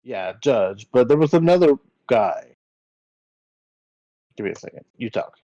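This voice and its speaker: Gravelly man chatting on a lo-fi podcast. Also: medium pitch, very animated, unhurried, warm tone, dry recording. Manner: laughs often, swears casually. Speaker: podcast co-host. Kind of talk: casual chat. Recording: dull lo-fi dry recording.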